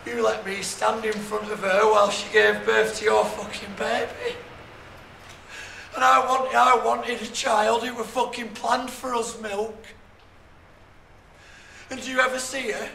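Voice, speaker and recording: A man's voice: high-pitched, moderate pace. An actor playing a heartbroken young man who rages and pleads with his friends, swearing, in a television drama. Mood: anguished. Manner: sweary, pleading and shouting in distress. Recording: roomy with background noise.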